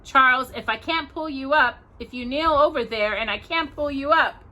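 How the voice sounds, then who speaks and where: Lady doing scared fierce pioneer mom, pleading, bright voice. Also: very animated, normal speed, exaggerated voice. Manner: pleading, high-strung. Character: frightened, fierce pioneer mother. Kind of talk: reading aloud a children's novel.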